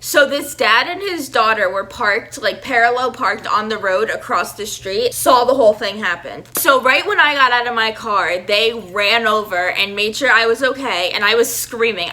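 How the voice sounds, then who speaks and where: A young woman telling a storytime vlog in a chatty, animated way, full of "like" fillers. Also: fairly high pitch. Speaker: vlogger.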